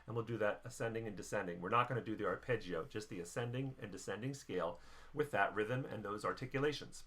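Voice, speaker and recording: A middle-aged man teaching a band warm-up lesson, explaining each step patiently. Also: on the low side, quick pace. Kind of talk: instructional lesson.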